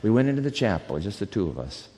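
A man preaching as a pastor, telling a personal story in a conversational, animated way and acting out the dialogue. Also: on the low side, quick pace, in a large hall. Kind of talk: sermon storytelling.

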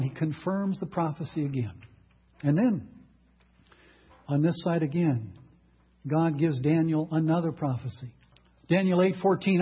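Husky preacher man, lo-fi. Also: fairly high pitch, moderate pace. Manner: emphatic, rhetorical questions to the audience. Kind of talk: sermon.

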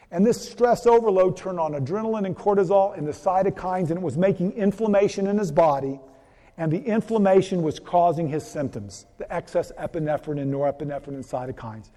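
Male seminar speaker, fairly high and mellow voice, chatty and repetitive, long hall echo. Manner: folksy, repetitive, asks the audience questions. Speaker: physician giving a church health seminar. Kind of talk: conversational seminar talk with storytelling.

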